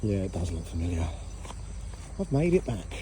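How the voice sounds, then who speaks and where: A man's voice: deep voice, very animated, moderate pace, background noise. A man with a British English accent, rambling in a casual, self-mocking way as a travel vlogger while walking outdoors at night. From England, raised there from about age four. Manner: chatty, self-mocking, drifts between topics. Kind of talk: casual rambling vlog talk. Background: crickets and insects.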